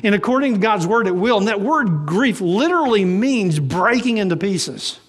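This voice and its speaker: A pastor preaching a sermon to a live congregation, asking the room rhetorical questions. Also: male voice, sits high, lively intonation, normal speed, breathy edge, long reverb tail. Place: church service with live congregation.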